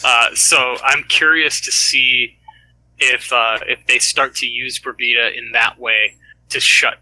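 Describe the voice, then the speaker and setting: A man co-hosting a casual esports podcast, eager and excitable, leaning on "like" as he talks. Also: mid-range voice, takes it slowly, low-quality recording. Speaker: co-host.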